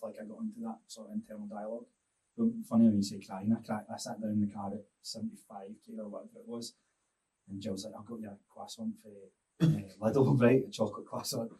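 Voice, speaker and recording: A man's voice: fairly low pitch, little pitch movement, fast talker, warm tone, far from the mic, rough recording. A man, a fitness coach and podcast guest, telling stories in a reflective, rambling way. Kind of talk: casual podcast chat.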